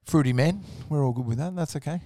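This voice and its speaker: A man voicing a flamboyant, teasing, hungover male homeowner in a high sing-song way. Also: fast talker, mellow, no echo, clean studio sound, lightly acted. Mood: camp teasing.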